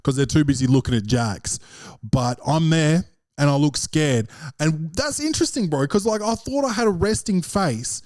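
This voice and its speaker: A man's voice: on the high side, lively intonation, moderate pace, a little mellow, no room sound, clean studio sound. A young man hosting a casual solo podcast at home, rambling and swearing, with "bro" and "man" in almost every sentence. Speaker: podcast host.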